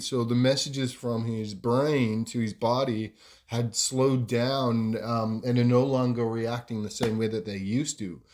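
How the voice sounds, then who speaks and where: A man's voice: mid-range voice, darkish tone. A man casually telling a story on a podcast, rambling with lots of ums and asides. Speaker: podcast host.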